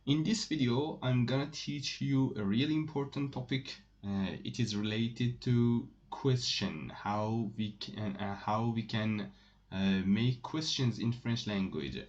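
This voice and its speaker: A man teaching a casual online language lesson, speaking slowly and haltingly with many fillers and restarts. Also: medium pitch, highs cut off. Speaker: French teacher.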